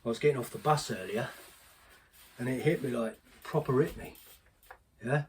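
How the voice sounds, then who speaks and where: A man's voice: medium pitch, normal speed, far from the mic, slight background noise, close to an everyday voice. A man playing a sardonic ex-henchman. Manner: rambling, confiding, sardonic asides. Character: aging bitter ex-henchman, chatty, sardonic. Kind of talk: audio drama monologue.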